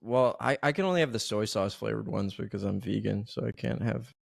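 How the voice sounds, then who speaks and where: A man's voice: fairly low pitch, a little fast, gravelly, dry recording, clean studio sound. A man co-hosting a podcast in casual video-call chat, laid-back and apologetic, often trailing off mid-sentence. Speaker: podcast co-host.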